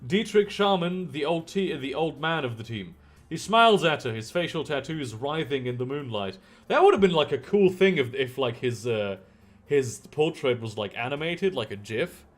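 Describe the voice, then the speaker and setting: Lively-voiced man streaming a game. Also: medium pitch, normal speed. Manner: chatty, muses aloud. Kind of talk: reading game text aloud with casual commentary.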